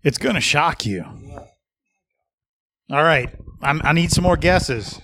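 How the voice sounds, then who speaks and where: A man co-hosting a casual podcast, joking with quick one-liners. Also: on the high side, expressive, sharp tone. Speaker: podcast co-host. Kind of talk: casual chat.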